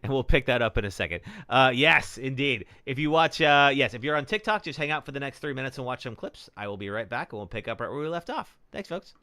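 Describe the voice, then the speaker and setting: A man's voice: medium pitch, animated, fast talker, few pauses, pushed and bright, dry recording. A man streaming a horror game live, chatting with viewers and reacting nervously as he plays. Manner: jittery, talks to chat. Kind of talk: live gameplay commentary.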